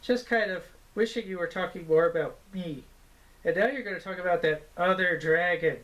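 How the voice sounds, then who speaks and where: A man voicing a young male dragon with a high, nasal voice that fishes for attention. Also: moderate pace, fairly bright tone, recorded from a distance, muffled recording. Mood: jealous.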